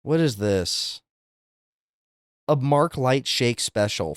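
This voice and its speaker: A man's voice: mid-range voice, lively intonation, takes it slowly, no echo. Young guy streamer, voice jumping all over the place, swears a lot, super dry close sound. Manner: incredulous, swearing, exaggerated reactions. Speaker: live streamer. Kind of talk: casual live-stream chat.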